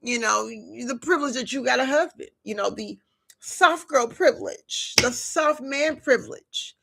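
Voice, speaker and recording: A woman's voice: on the high side, unhurried, vocal fry, fairly bright tone, breathy edge. A woman giving a live collective tarot reading, talking casually and directly to her viewers with slang and frequent chatty asides. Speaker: tarot reader.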